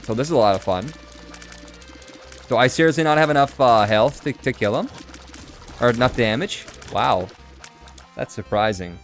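A man's voice: mid-range voice, animated, moderate pace, pauses often, faint music behind. A man giving casual, chatty commentary while streaming a game and answering his chat.

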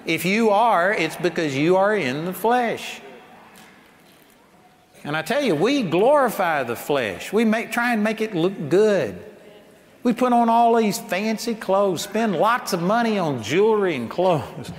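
A man's voice: high voice, very animated, measured pace. An older man preaching a sermon in an emphatic, folksy way, often laughing as he talks. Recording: long hall reverb, faint ambient noise.

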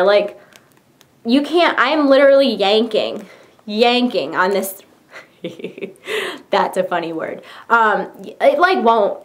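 A young woman vlogging at home, gushing about a new phone case in a bubbly, chatty way full of "like". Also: fairly high pitch. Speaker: YouTuber. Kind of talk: casual product show-and-tell.

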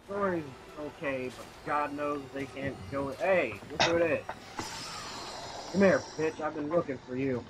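A man's voice: on the high side, a little slow, background noise. A young man co-hosting a casual let's play, crude and teasing, joking as he plays. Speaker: gaming co-host.

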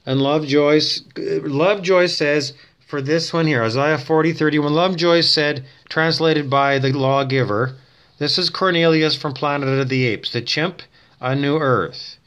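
A man's voice: a little high, moderate pace, a bit bright. Rambling man hosting a talk show. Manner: digressive, thinks aloud with many fillers and restarts. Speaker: show host. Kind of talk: rambling casual monologue.

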